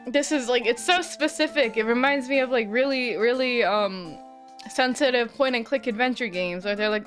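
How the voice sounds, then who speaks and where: A woman's voice: fairly high pitch, normal speed, a bit bright, faint music behind. A woman streamer giving casual, mildly exasperated game commentary, swearing now and then.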